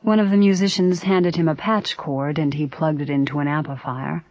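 A woman narrating a story aloud in a steady, even reading voice. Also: sits low, normal speed, no echo. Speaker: audiobook narrator. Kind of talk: scripted narration. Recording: dry, slightly dull recording.

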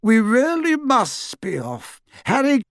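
A man voicing a fussy, cheerful old wizard, bright and a little flustered. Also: extremely high pitch, wildly swooping pitch, slow, no room sound, studio quality, voice pushed up, full character voice.

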